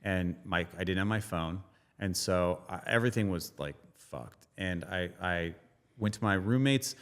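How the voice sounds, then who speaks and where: Man with a low, candid storyteller's voice. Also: a little slow, in a large hall. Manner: candid, self-mocking, drops to a low mutter for grim parts. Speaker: podcast guest, stand-up comedian. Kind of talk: casual storytelling interview.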